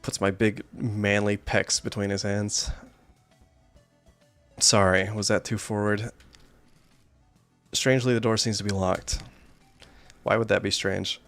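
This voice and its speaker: A man's voice: on the low side, flat delivery, a little slow, pauses often, a bit bright, soft background music. A man streaming a horror game, commenting with joking, self-deprecating asides.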